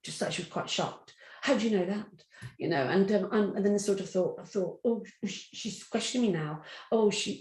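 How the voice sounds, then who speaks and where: In a mid-range, slightly mellow voice, a middle-aged psychic medium from the English Midlands tells stories during an interview and voices the people in them. The recording carries a roomy echo.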